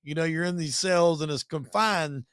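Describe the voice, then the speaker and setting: A man's voice: fairly high pitch, normal speed, a bit bright, smooth. A man hosting an interview, talking in a blunt, casual way and swearing freely. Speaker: host.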